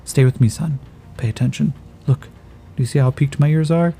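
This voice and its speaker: A man voicing a calm male elf warrior who firmly coaxes a frightened companion. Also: on the high side, brisk, creaky, husky, soft background music, pitched above the performer's own voice. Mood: urgent. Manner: firm, coaxing, patient.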